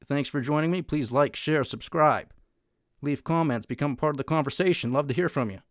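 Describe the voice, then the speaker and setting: A man's voice: a little high, brisk, no room sound, studio quality. A man hosting a political commentary podcast, ranting in a heated, emphatic way. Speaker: host.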